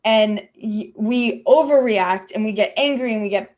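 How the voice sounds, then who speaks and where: A woman's voice: mid-range voice, moderate pace, a little mellow. A woman hosting a podcast, talking candidly and chattily with many fillers and restarts. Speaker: podcast host. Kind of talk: candid conversational podcast talk.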